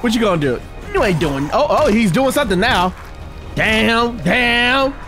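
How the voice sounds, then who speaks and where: A young man calling out his own gameplay in a loud, excitable way, trash-talking the enemies as he goes. His voice is high and swoops all over the place. A game soundtrack plays clearly behind him. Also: unhurried, faint music behind. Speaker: gaming video host. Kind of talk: excited let's-play commentary.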